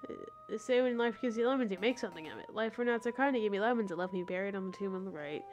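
A woman's voice: medium pitch, racing, darkish tone, lo-fi sound, faint music behind, natural voice. A woman voicing a boastful dead male pirate ghost in a game stream, talking in pirate slang. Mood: swaggering. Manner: pirate slang, rolling gruff delivery.

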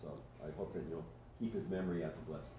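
A man's voice: low-pitched, fast talker, background noise. A man giving a rambling personal tribute at a lecture, hesitant and full of fillers. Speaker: memorial speaker. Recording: echoey hall from far off.

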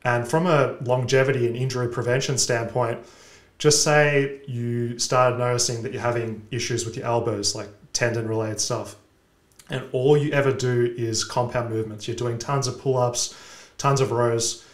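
A male host explaining training methods in a measured, methodical way. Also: medium pitch, fairly even intonation. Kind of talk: instructional explanation. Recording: roomy echo.

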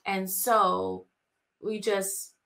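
Calm woman co-pastor telling a story. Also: medium pitch, extremely slow, creaky. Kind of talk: sermon dialogue, telling an anecdote.

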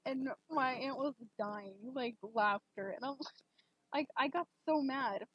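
Young woman rambling on her stream, high breathy voice, dry dull mic. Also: no room sound. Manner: chatty and rambling, many fillers, gushes excitedly. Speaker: game streamer. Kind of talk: casual live-stream chat.

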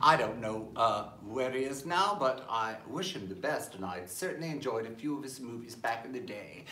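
A man's voice: medium pitch, expressive, moderate pace, pushed and bright, echoey room, a little hiss or hum. A man in his fifties from Maryland with a Southern accent, hosting a campy cabaret show with languid, theatrical patter, calling everyone darling. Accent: Southern American. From Maryland, USA. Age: 50s. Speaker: cabaret host. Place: home during lockdown livestream.

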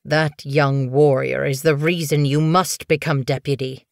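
Slow and raspy, a grim old male cat healer issues his cryptic orders in a low, deliberate growl, as a woman narrator puts him on. He sounds commanding and ominous, with no roominess at all. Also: steady tone, dry recording, studio quality.

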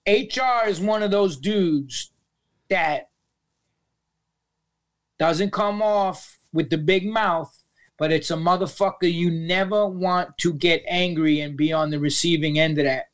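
A man with a New York accent telling profane, animated stories as a podcast guest, acting out the voices of people he quotes. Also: high-pitched, measured pace. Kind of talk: storytelling in a podcast interview.

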